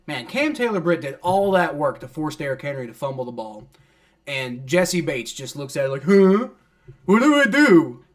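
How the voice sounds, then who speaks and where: His mid-range voice has lively intonation and a normal pace, broken by long pauses, as a fan streamer calls a football game live. He's exasperated, griping about refs and players, swearing casually and using lots of fillers such as "like."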